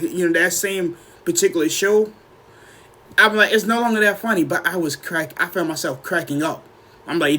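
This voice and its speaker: A young man casually telling a story on a podcast, acting out quotes with sudden jumps in his voice and clearing his throat often. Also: normal speed. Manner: animated, acts out quotes with sudden high pitch jumps, frequent throat clearing. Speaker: podcast co-host.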